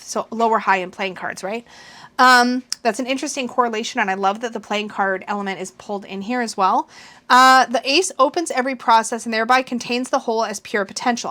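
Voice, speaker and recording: A woman with a slightly high voice talks through a tarot deck in a casual, chatty walkthrough. She gushes with excitement, reads passages aloud and mutters asides to herself. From Canada.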